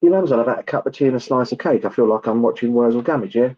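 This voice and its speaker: A man giving a clairvoyant reading at a church service, chatty and halting, with many ums and asides. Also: medium pitch, dull audio. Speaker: spiritualist medium.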